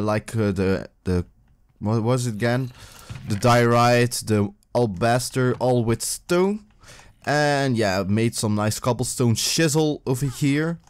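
A man sits at his desk mic and talks his way through a video game. His voice sits in an ordinary middle pitch, and he rambles in a loose, filler-heavy let's-play manner. Every so often he shoots up into excited yelps. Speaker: gaming video host. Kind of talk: casual let's-play commentary.

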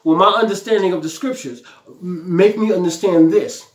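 In a reverberant space, a man with a high-pitched voice preaches a sermon at a moderate pace. He cries out fervently, repeats his lines, and acts out the scripture, paraphrasing it aloud in a pleading tone.

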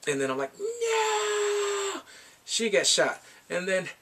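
A man casually recapping a TV episode, lively and excitable, often jumping into playful voices for the characters. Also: on the high side, fairly quick. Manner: animated, bursts into shouts and playful quoted voices. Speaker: TV episode reviewer.

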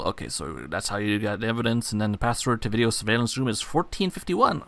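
A man's voice: fairly low pitch, fairly quick, gravelly, hardly any pauses, fairly bright tone, dry recording. A young man casually commenting on a horror game as he plays, swearing often and calling the viewer dude and bro. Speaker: gaming channel host. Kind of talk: let's play commentary.

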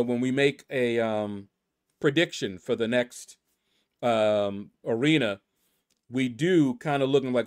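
Laid-back guy going down a leaderboard, average pitch, chatty asides. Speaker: gaming channel host. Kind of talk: casual commentary reading a leaderboard.

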